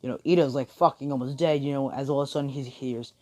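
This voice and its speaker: A man telling a fan story off the cuff, rambling and full of filler words. His voice sits mid-range and drifts between loud and quiet. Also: medium pitch, steady tone, fast. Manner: rambling, many fillers and swearing. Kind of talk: casual fan-fiction retelling.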